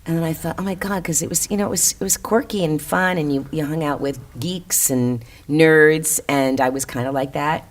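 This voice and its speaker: With a low, fairly even voice and a moderate pace with few pauses, a Florida-born older woman guesting on a podcast talks casually, restarting a lot and now and then imitating other voices. She's an actress.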